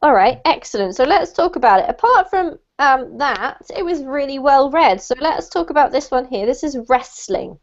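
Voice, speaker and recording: A woman teaching an online English class over a video call, encouraging and slowing down to model words. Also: high voice, expressive. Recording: muffled lo-fi call audio.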